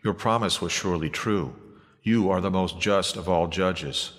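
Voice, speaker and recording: A man voicing an aged, patient and earnest male prophet in a measured, solemn reading. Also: low voice, a bit bright. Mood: pleading. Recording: long hall reverb.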